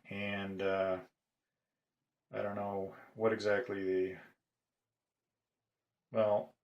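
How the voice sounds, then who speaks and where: Brief: middle-aged male collector, slow, lowish voice, hesitant show-and-tell, echoey room. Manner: halting, with frequent "uh" pauses. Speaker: padlock collector. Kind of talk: casual show-and-tell video.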